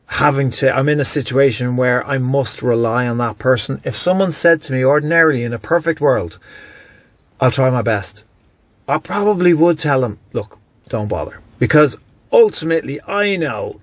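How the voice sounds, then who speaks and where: A man's voice: mid-range voice, dry recording. Blunt, emphatic man hosting a podcast. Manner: emphatic, blunt, self-correcting. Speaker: podcast host. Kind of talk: solo motivational podcast monologue.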